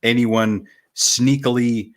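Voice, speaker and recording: A man co-hosting a podcast, chatting in a relaxed, conversational way. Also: medium pitch, takes it slowly. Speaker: podcast co-host. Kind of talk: casual podcast chat.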